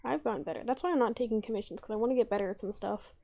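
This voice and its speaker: A woman's voice: on the high side, rapid-fire, creaky, dull audio. A woman with an American accent chatting casually while she draws on a stream, talking easily with lots of filler words. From United States. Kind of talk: casual chat while drawing.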